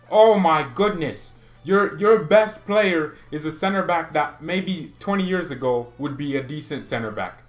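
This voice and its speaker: Male fan-channel host, higher voice, very animated, sarcastic rant. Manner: exasperated, sarcastic, mocking. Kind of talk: ranting commentary to camera.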